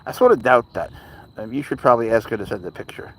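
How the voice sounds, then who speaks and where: A man's voice: medium pitch, lively intonation, quick pace, slight background noise, poor audio. Chatty man rambling on a live stream. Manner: rambling, chatty, baby talk to his cat. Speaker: live stream host with pet cat. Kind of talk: casual live stream chat reading comments.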